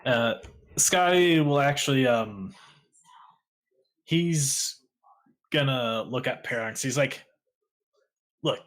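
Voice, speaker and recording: A man playing a tabletop role-play who keeps saying 'like' and leaps up in pitch when he speaks as his character. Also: slow pace, long pauses. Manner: lively, peppered with 'like', jumps high for character lines. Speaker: player.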